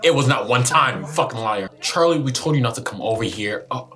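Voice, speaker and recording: A man hosting a YouTube reaction video, animated and emotional, talking back to the screen. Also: medium pitch, brisk, a little hiss or hum. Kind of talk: casual reaction commentary.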